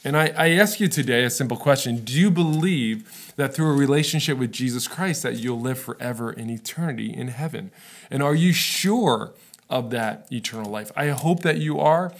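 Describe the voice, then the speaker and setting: A male pastor preaches in an easygoing, conversational way, speaking at a mid-range pitch. He keeps checking in with his listeners and stays relatable rather than lofty, like a friend talking through scripture. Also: normal speed. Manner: casual, relatable, often checks in with "right?". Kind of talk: conversational sermon.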